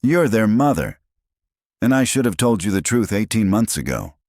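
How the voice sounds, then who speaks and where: A man's voice: lowish voice, sing-song, normal speed, darkish tone, no room sound, clean studio sound, pitched above the performer's own voice. A man voicing a remorseful divorced man who pleads earnestly to make amends.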